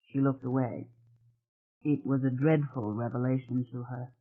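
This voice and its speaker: An audiobook narrator reading a thriller novel in a measured, even storytelling manner. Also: medium pitch. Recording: tinny phone-like sound.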